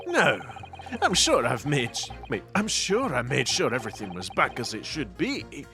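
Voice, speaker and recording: A man's voice: medium pitch, very animated, normal speed, creaky, over music, voice pushed down. A man doing a sheepish Scottish surgeon. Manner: hesitant, sheepish, stammering. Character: bumbling male surgeon juror, anxious, sheepish.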